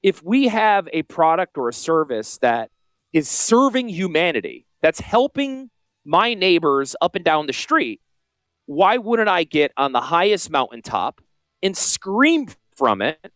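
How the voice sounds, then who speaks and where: A man with a Northern US Yankee accent, a financial advisor hosting a casual promotional podcast with salesy, jokey asides and a high-pitched voice. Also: very animated, unhurried, a bit bright, dry recording. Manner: self-described high-pitched voice. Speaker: financial advisor and radio host.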